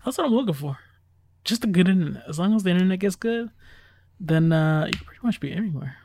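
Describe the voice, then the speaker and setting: A man in casual podcast chat, joking in a deadpan way. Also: sits high, quick pace, dry recording. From United States. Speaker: podcast co-host.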